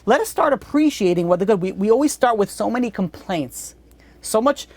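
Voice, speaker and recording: A man's voice: high-pitched, animated, fairly quick, dry recording. A man speaking as a rabbi at an evening Torah class. He is blunt and earnest, and he often breaks off and restarts his sentences.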